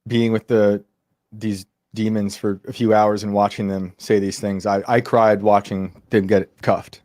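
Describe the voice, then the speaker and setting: Earnest lower-voiced male journalist guest. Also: little pitch movement, measured pace, darkish tone, no echo, studio quality. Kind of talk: panel interview talk.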